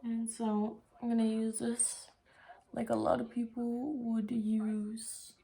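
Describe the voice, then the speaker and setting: Slow, gravelly-voiced woman vlogger. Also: fairly high pitch, monotone, warm tone. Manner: rambling self-talk, thinking aloud. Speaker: makeup vlogger. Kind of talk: casual chat while doing makeup.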